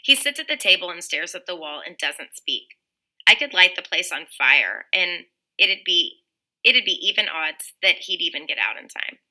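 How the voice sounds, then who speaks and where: Woman narrating a first person audiobook, really bright sharp tone, lowish voice, earnest, trips up now and then. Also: big pitch swings, normal speed, low-quality recording. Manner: earnest, reads with small slips and restarts. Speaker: audiobook reader.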